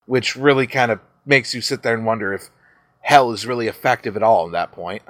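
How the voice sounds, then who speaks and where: A man's voice: mid-range voice, brisk, no room sound, clean studio sound. A man hosting a podcast, casually retelling a story with plenty of swearing and laughter. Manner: profane, animated storytelling with laughs. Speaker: podcast host.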